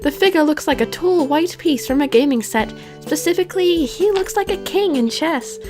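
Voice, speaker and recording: A sweet, bubbly anime schoolgirl in a game, as a woman puts her on who talks in a noticeably high, cute voice. Light music plays softly behind her. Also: animated, moderate pace. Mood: cheerful. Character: cute young female anime transfer student.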